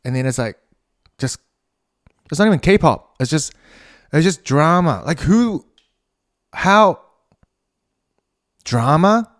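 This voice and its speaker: A man's voice: fairly high pitch, animated. A man with a New Zealand accent hosting a casual solo podcast. He rambles, swears freely and laughs at his own tangents. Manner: rambling, profane, quick to laugh at himself. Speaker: podcast host.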